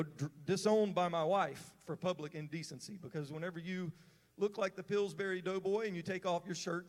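A man giving a sermon as a story, in an earnest, conversational way with fillers and restarts. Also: sits high. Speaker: preacher. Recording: long hall reverb.

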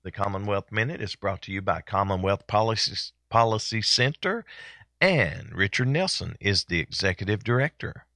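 A male host on a daily broadcast, talking casually and filling his pauses with "uh." His voice is bright and forceful, recorded close and dry with no room sound. His pitch sits a little low. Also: no room sound. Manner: relaxed, chatty, with many fillers.

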